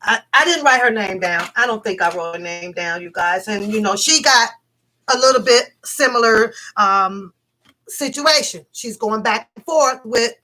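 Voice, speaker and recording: A middle-aged woman vlogger telling a story to her viewers in a casual, profane, animated way, laughing as she goes. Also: on the high side, moderate pace, low-quality recording.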